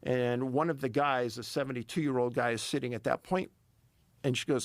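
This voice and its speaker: Gravelly man telling a story. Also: mid-range voice, moderate pace, no echo. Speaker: podcast guest, missing-persons researcher. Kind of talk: casual storytelling interview.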